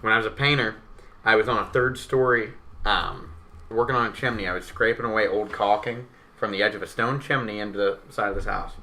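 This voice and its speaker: A man's voice: lowish voice, steady tone, brisk, bright, forceful tone. A young man casually telling a dramatic story on a podcast, swearing a lot. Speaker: podcast co-host. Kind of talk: casual storytelling over beers.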